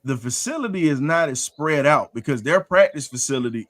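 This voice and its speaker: A man hosts a casual sports chat and tells stories with animated energy. His voice sits a little high, and he laughs and swears freely. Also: fairly quick. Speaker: podcast host.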